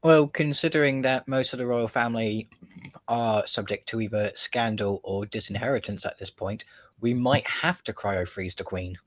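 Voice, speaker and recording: A man's voice: on the low side, moderate pace. A man in a casual chat, teasing his friend with dry humor.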